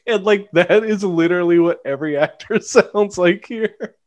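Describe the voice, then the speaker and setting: A man co-hosting a casual movie-review chat, animated and sarcastic, laughing often as he talks. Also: sits high, moderate pace, dry recording. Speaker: podcast co-host.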